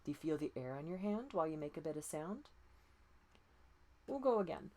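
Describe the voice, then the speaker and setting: A woman voice coach leading breathing and pitch exercises, patient and encouraging, often demonstrating breathy sighs. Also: heavy background noise. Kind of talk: guided voice exercise lesson.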